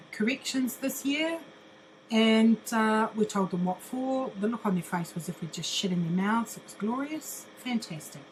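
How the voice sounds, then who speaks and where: A woman's voice: mid-range voice, darkish tone, a little hiss or hum, poor audio. An older woman, ranting bluntly in a monologue, mocking and swearing constantly, laughing often. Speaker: vlogger.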